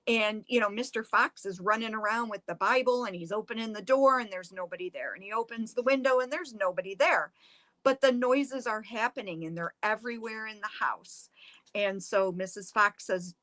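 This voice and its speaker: Animated woman telling a ghost story. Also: medium pitch, a little slow, no echo. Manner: animated, acts out the quotes. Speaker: museum director, guest. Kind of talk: dramatic storytelling.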